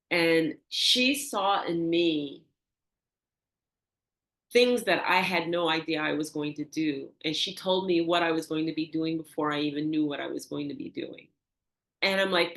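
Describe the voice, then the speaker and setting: An older woman, a guest in an interview, telling a personal story with animated, acted-out dialogue and soft, hushed reflective moments. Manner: animated, acts out quoted dialogue with rising pitch. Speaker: interview guest, energy healer.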